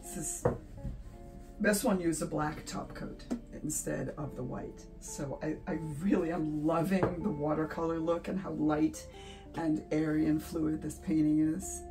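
A woman's voice: low voice, fairly even intonation, measured pace, music in the background, rough recording. A woman hosting an art channel, talking casually to her viewers, emotional and teary, gushing and laughing often. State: teary, sniffly. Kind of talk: casual vlog talk to camera.

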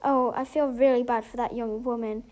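A woman voicing a calm doctor in a game role-play story, talking in a matter-of-fact, gently advising way. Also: a little high, moderate pace, natural voice. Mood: concerned. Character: calm doctor breaking bad news.

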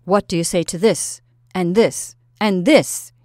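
A woman's voice: fairly low pitch, unhurried, a little mellow, dry recording, lightly acted. A proud young soldier teases his sweetheart with playful bravado, as a woman reads him aloud. His talk is boastful and earnest at once, in a storybook reading with a dry, close sound. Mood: proud, teasing. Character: young male soldier lover, proud and teasing.

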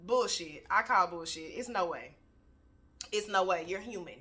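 A woman's voice: lowish voice, expressive, normal speed, bright, forceful tone. A young woman giving a candid, casual motivational talk, swearing freely and preaching with energy. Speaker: motivational vlogger.

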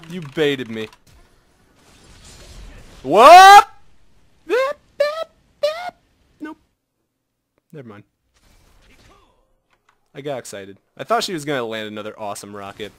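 A young man giving casual live commentary over his own game, excitable and self-mocking, dropping to mutters and jumping to yelps. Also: fairly low pitch, moderate pace, pauses often, dry recording. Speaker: gameplay commentator.

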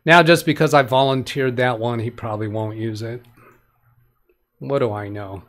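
Viewer comments get read aloud by this tech help livestream host, whose mid-range voice is fairly bright and moves at normal speed. He wanders, corrects himself often, starts over, and keeps his advice plain and practical.

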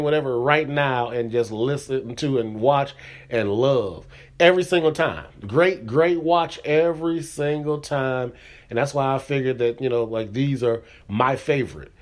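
Chatty middle-aged male podcast host. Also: mid-range voice. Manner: loose and conversational, with lots of fillers like "you know what I'm saying". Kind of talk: casual solo podcast monologue.

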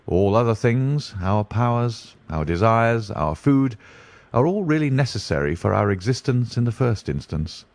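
A man voicing a brilliant, dreamy detective who speaks deliberately and muses aloud. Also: medium pitch, very animated, a little mellow, no room sound. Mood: musing. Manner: deliberate, musing.

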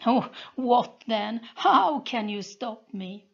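A blunt, mocking soldier who jeers at his foe, read by a woman who barely changes her voice. The delivery is slow and plain. The sound is dull and lo-fi. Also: on the high side, animated, gravelly, husky, exaggerated voice. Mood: jeering. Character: rough, mocking male soldier.

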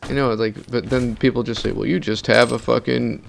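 A gamer man with a Northeastern American accent rambles profanely over voice chat, his voice gravelly with fry. He sounds like he's on a headset mic, with a noisy background and gunfire all around. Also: mid-range voice, fairly even intonation, a little fast. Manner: rambling, profane, thinks aloud. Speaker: gamer streaming with friends. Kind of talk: casual chat over game voice chat.

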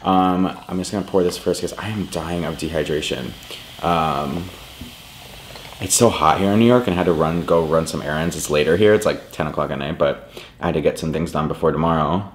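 Low-voiced chatty young man vlogging. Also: a little fast, a little hiss or hum. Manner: bubbly, chatty, many fillers. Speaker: food vlogger. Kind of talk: casual mukbang vlog.

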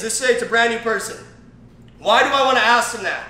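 A man's voice: very high-pitched, fairly quick, bright, forceful tone. A man giving a casual, rambling training talk on network marketing, emphatic and repetitive with many fillers and restarts. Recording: roomy echo.

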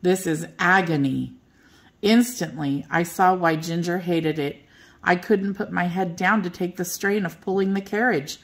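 An older woman reading a children's bedtime story aloud as the storyteller, gentle and expressive. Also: lowish voice, normal speed.

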